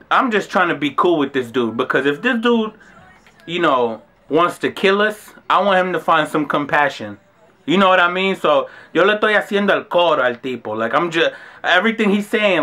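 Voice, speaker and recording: New York guy in his twenties, slangy storyteller, bright and forceful voice. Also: a little high, normal speed. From Brooklyn, New York. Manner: animated, slangy and profane. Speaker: vlogger. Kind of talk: casual storytelling.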